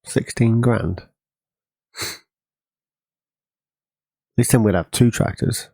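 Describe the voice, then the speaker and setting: A man's voice: mid-range voice, slow, gravelly, darkish tone, breathy edge, dry recording, low-quality recording. A man chatting casually as he plays a farming game, rambling and correcting himself. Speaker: gaming channel host.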